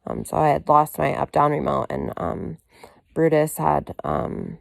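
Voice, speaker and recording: Woman with a gravelly voice rambling thru her vlog update, swears casually, says "like" constantly. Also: sits low, animated, a little slow, no room sound. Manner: rambling, heavy with "you know" and "like" fillers; candid, swears freely. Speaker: vlogger. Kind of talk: casual personal video update.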